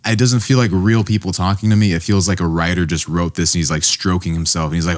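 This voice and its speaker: Man, low-pitched, animated storyteller, casual podcast chat, small studio. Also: fast talker, hardly any pauses. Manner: animated storyteller, mimics people mid-rant. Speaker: podcast co-host.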